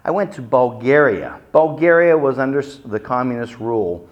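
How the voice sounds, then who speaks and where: A middle-aged man preaching a sermon, telling stories dramatically and acting out the quotes with big swings in loudness. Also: medium pitch, moderate pace, lo-fi sound. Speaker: pastor.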